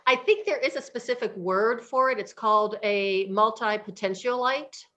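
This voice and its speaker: A woman's voice: on the high side, moderate pace, sharp tone. A woman hosting a podcast interview, asking brief, attentive follow-up questions. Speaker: podcast host. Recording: dull, muffled sound.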